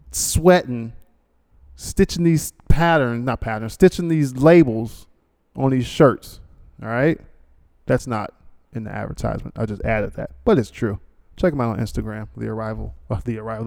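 A man's voice: medium pitch, moderate pace, creaky, a little mellow. A male podcast host, talking casually alone and rambling through a sponsor read with joking asides and many restarts. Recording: long hall reverb.

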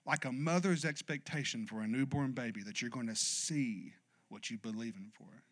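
A man preaching a sermon as pastor, emphatic and passionate, calling for "amen" from his congregation. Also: on the high side. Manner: builds to loud, passionate exhortation.

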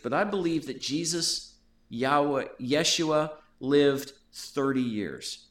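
A man's voice: mid-range voice, echoey room. A man hosting a Bible study talk, explaining ideas earnestly in casual teaching chat and sometimes drifting off on tangents.

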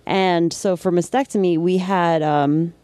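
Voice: mid-range voice, steady tone, unhurried, mellow, no echo. A makeup effects artist with a New Jersey accent, chatting casually about techniques, with lots of filler ums. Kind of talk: casual shop talk.

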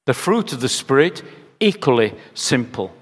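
A man's voice: mid-range voice, sing-song, moderate pace, a bit bright, slightly rough. Older guy preaching, rhetorical repeats, sermon in a big reverby hall. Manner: conversational storytelling with rhetorical repetition. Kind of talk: sermon with anecdotes.

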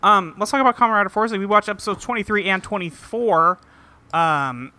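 A man's voice: high-pitched, fairly quick, sharp tone. A man hosting a casual podcast, recapping TV episodes and briefly acting out the characters' lines, with casual swearing. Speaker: podcast host recapping a show.

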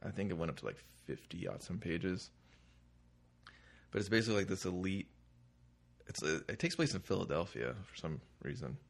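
A man's voice: deep voice, very animated, normal speed, gravelly, pauses often. A man co-hosting a podcast in casual chat, rambling and hesitant with lots of fillers. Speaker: podcast co-host.

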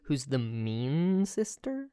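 A woman co-hosting a podcast in casual chat, joking and crude with quick asides. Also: extremely low pitch, big pitch swings, dark tone, clear, resonant tone, dry recording. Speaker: podcast co-host.

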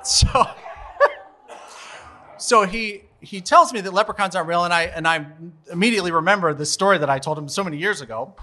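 A man's voice: high-pitched, brisk, pushed and bright. A man in his forties telling a funny personal story live on stage into a microphone, chatty and laughing at his own tale. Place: live storytelling show at a bar venue.

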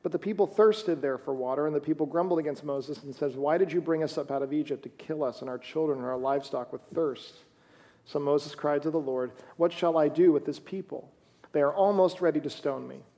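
A man's voice: a little high, a little fast, dark tone. A man preaching a sermon in a conversational way, reading scripture aloud as he goes. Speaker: pastor.

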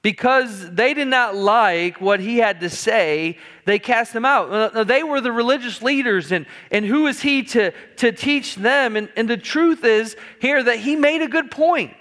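A middle-aged male pastor preaching a sermon in a conversational, animated storytelling way in a church sanctuary. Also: extremely high pitch, a little slow, hardly any pauses. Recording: long reverb of a church hall.

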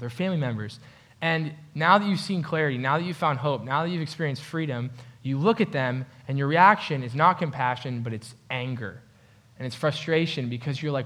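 A man preaching a casual, conversational sermon in a church, animated and given to joking asides. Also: on the high side. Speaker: pastor.

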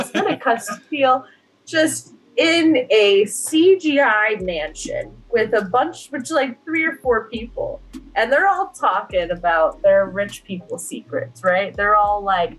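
Young female co-host, higher voice, loose sweary movie recap with quick character impressions. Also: lively intonation, rough recording. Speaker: podcast co-host. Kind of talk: casual movie recap chat.

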